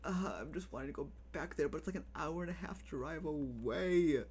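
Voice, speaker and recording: A live streamer chatting casually over gameplay, excitable, repeating phrases and cooing over pets. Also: mid-range voice, moderate pace, husky.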